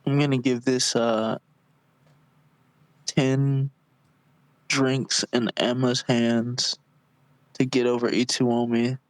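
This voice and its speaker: Laid-back mid-voiced podcast co-host. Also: male voice, mid-range voice, little pitch movement, slow pace, long pauses, no echo, rough recording. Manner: laid-back, honest, a bit hesitant. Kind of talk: casual anime podcast chat.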